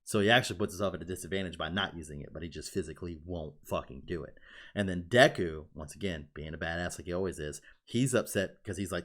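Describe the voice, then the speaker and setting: Low-voiced man, excitable and sweary. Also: fast. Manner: excitable, profane storytelling with frequent "like" and swearing. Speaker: podcast co-host. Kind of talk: casual chat, retelling an anime plot.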